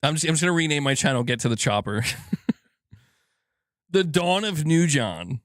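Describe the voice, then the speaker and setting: A male streamer chats casually on a live stream, cracking jokes, cursing freely and laughing at his own lines. His pitch swings widely and animatedly. The sound is dry and close. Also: very animated, normal speed, no echo. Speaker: gaming news streamer.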